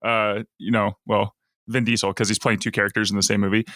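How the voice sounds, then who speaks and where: A man co-hosting a podcast, chatting casually with quick jokes and frequent laughter. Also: lowish voice, little pitch movement, a bit bright, no room sound, studio quality. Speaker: podcast co-host. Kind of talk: casual chat.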